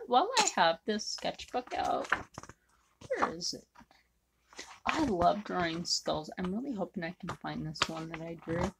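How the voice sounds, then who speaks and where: A woman's voice: on the low side, lively intonation, measured pace, creaky, very noisy. A woman artist chatting bluntly and rambling with many fillers while she draws. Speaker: artist drawing on camera. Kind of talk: casual chat while drawing.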